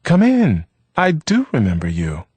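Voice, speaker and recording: A man voicing a gentle woman hostess who welcomes a guest and tries to reassure her. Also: mid-range voice, wildly swooping pitch, slightly rough, dry recording, voice pushed up, exaggerated voice. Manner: kind, hurried.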